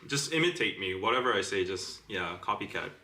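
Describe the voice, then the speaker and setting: A man's voice: on the low side, animated, fairly quick, pushed and bright, reverberant. A man hosting a podcast, teasing his guest in a playful, casual chat. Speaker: podcast host. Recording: noticeably noisy podcast audio.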